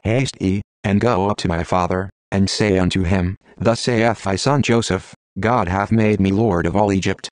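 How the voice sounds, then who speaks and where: A computer-generated male voice reading scripture aloud in steady, measured phrases, pausing at every clause. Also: low-pitched, no echo. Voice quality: text-to-speech voice. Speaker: scripture reader.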